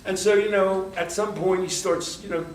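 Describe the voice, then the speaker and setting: Guy giving a chatty workshop talk, wanders off into stories, a bit higher voice, faint room hum behind. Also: fairly even intonation, moderate pace. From United States. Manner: rambling, anecdotal, acts out quoted dialogue. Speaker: workshop speaker. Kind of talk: conversational lecture. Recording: roomy, distant mic in a hall.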